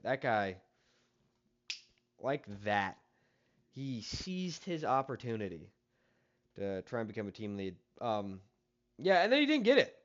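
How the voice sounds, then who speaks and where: A man's voice: lowish voice, lo-fi sound. Exasperated man telling a story. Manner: exasperated, profane, rambling. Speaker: story-time vlogger. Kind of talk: casual storytelling.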